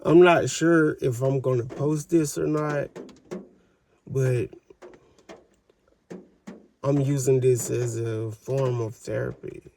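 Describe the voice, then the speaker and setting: A man with a gravelly, creaky voice talks unhurriedly into the camera, keeping a personal video diary. He is candid and reflective, often pausing and restarting his thoughts. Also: medium pitch, fairly even intonation, darkish tone, a little hiss or hum. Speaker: vlogger.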